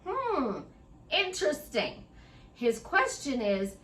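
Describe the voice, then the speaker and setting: A woman's voice: a little high, measured pace, far from the mic. Rambling middle-aged woman coach in echoey room. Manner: chatty, rambling, speaks to the listener directly. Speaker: life coach. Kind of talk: motivational monologue.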